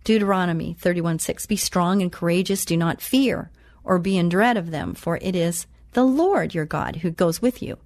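A woman's voice: fairly low pitch, normal speed, a little mellow, no room sound. A woman hosting an inspirational Christian talk show, speaking earnestly with emphatic repetition and chatty asides.

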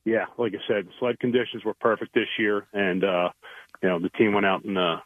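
A man's voice: fairly low pitch, fairly even intonation, brisk, dry recording. A man calling in to a radio show, friendly and proud. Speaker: caller. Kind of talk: phone-in chat. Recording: tinny phone line.

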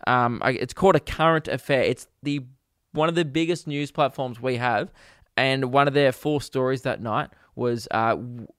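An Australian man hosting a comedic podcast, rambling crudely and jumping into loud put-on voices. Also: mid-range voice, moderate pace, smooth, no echo, clean studio sound. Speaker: podcast host. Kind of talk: comedic solo podcast rant.

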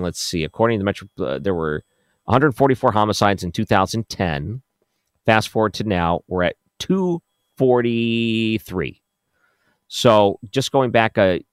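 A man's voice: sits low, no room sound, studio quality. A man hosting a late-night radio talk show, chatting casually and thinking aloud as he reads through figures. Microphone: studio microphone.

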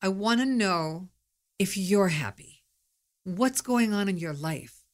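A woman's voice: mid-range voice, animated, slow. A middle-aged woman hosting her own podcast, talking candidly in a chatty, storytelling monologue. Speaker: podcast host. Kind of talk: casual monologue.

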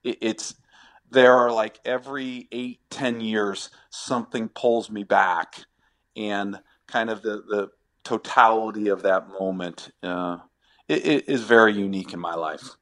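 A middle-aged former ballplayer, now a sports agent, answering podcast questions in a halting, reflective way with many restarts. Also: male voice, fairly low pitch, steady tone, a bit bright.

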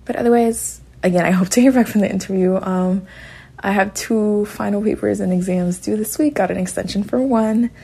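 A young college student records a candid personal audio diary, chatty at first and then openly emotional. Her medium-pitched voice is brisk and dark, with vocal fry, and the room gives a noticeable echo.

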